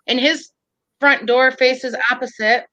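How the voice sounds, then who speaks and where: A lively woman chatting on a casual podcast, her voice fairly high and very bright. She tells stories with energy, swears freely and acts out the people she talks about. The sound is close and dry. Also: unhurried, no echo, lo-fi sound. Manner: animated storyteller, swears, acts out quotes loudly. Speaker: podcast co-host. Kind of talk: casual chat.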